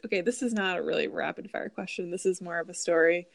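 A woman's voice: lowish voice, fast, vocal fry. A young married woman co-hosting a casual podcast, asking questions and laughing easily as she talks. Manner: friendly, laughs often, asks questions.

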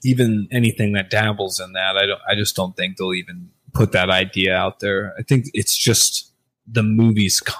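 Low-voiced, rambling podcast man. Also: fairly even intonation, moderate pace, a bit bright, no room sound. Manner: rambling, loose, swears casually. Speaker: podcast co-host. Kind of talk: casual podcast chat.

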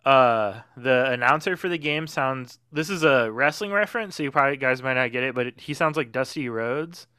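Man, bright crisp voice, dry close sound, chatty podcast talk. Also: medium pitch, expressive, brisk, few pauses, dry recording. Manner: chatty, filler-heavy, pop-culture comparisons. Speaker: podcast panelist. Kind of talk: casual film-podcast chat.

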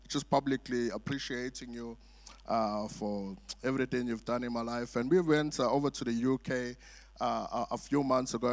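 A man's voice: fairly high pitch, fairly bright tone. A middle-aged man preaching as a guest in church, telling jokey stories with lots of "uh" fillers. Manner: chatty storytelling, jokey asides, many "uh" fillers. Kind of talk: sermon. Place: church sanctuary.

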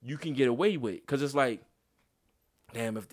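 A man chatting casually on a podcast at an ordinary pitch. He talks emphatically and profanely, piling on slang and repeating himself to drive his point home. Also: moderate pace. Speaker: podcast co-host. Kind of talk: casual chat.

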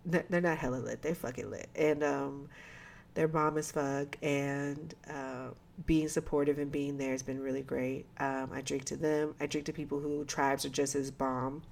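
A woman's voice: extremely low pitch, measured pace, gravelly. A woman co-hosting a podcast in casual chat, cursing freely and acting out quoted voices. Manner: loose, profane and animated, with quoted asides. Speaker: podcast co-host.

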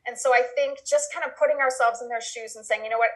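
Thoughtful woman guest, higher voice. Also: fairly even intonation, fast, a bit bright, rough recording. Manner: thoughtful, talks in long examples with acted quotes. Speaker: expert guest. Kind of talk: podcast interview answers.

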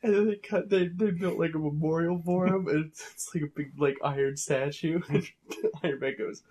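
A man in casual chat, retelling cartoon sketches in a lively way with voiced quotes. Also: a little high, normal speed, breathy edge.

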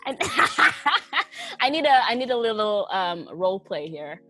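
Woman, husky, bright, lively, giggly and sweary, casual chat, faint music behind. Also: medium pitch, a little slow, dry recording. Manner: giggly, swearing, playful guessing.

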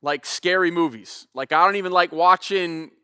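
A man, a pastor in his thirties, telling a casual, animated sermon story and acting out voices. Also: high voice, normal speed, clear, resonant tone, no room sound, clean studio sound.

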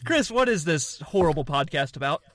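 A young man co-hosting a comedy podcast, trading dry, deadpan quips. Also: on the high side, moderate pace, no echo. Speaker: podcast co-host. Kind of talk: casual comedic podcast banter.

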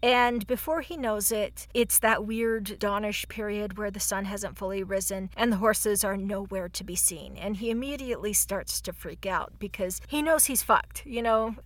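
A woman's voice: mid-range voice, normal speed, hardly any pauses, dry recording. A woman casually retelling a folktale as a podcast host, swearing freely and laughing at her own jokes. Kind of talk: casual storytelling chat.

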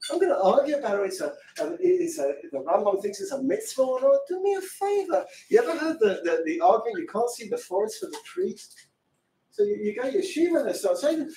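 A man's voice: very high voice, sing-song, fairly quick, dark tone, a little hiss or hum. A man giving an impassioned rabbinic lecture, hammering his points with rhetorical questions. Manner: fervent, emphatic, full of rhetorical questions. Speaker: rabbi teaching a class. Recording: roomy hall, distant mic, faint ambience.

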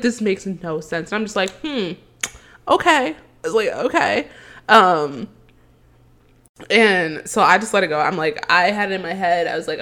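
A young woman co-hosting a podcast, telling a dating story in a casual, animated way, acting out the quotes and laughing often. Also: mid-range voice. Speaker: podcast co-host.

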